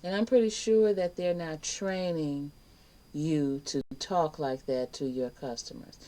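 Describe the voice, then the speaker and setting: Low, mellow-voiced woman teaching. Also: steady tone, a little slow, poor audio. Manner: emphatic and chatty, acts out quoted exchanges. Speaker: teacher hosting an online life skills class. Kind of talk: casual spoken lesson to camera.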